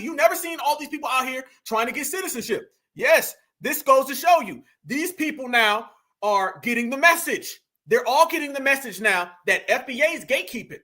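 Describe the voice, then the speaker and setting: A man's voice: extremely high pitch, sharp tone. A man hosting a commentary video, preaching his points emphatically and repeating them for effect. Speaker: commentary channel host.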